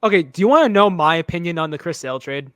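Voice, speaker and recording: A man's voice: fairly high pitch, expressive, fast, a bit bright, clean tone, dry recording. A young man from the United States co-hosting a casual sports chat, opinionated and rambling, often restarting his sentences. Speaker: podcast co-host.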